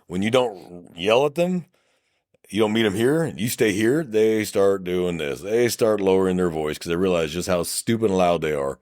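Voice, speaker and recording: A middle-aged man from South Texas with a Texan accent, a police officer co-hosting a casual podcast chat, blunt and animated, acting out quoted dialogue. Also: low-pitched, normal speed, no room sound, studio quality. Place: podcast studio.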